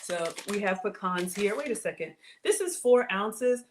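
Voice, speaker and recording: A cooking show host with a Southern US accent runs a casual livestream from her home kitchen, chatting with viewers and poking fun at herself. Her voice is medium-pitched and animated at a moderate pace, with slight background noise.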